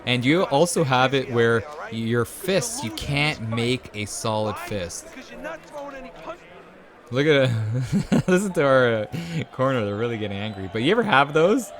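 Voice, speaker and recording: Excitable man commentating a boxing game. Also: medium pitch, a little slow, crowd noise. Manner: excitable, cheers at the screen, drops to a hushed voice when tense. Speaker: host. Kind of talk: let's-play game commentary.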